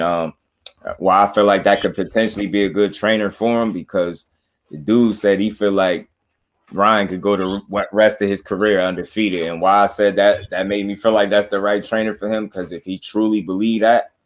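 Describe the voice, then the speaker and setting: A man's voice: fairly low pitch, fairly even intonation, moderate pace. A man hosting a casual panel chat, talking boxing in a slangy, opinionated way. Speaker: boxing show host.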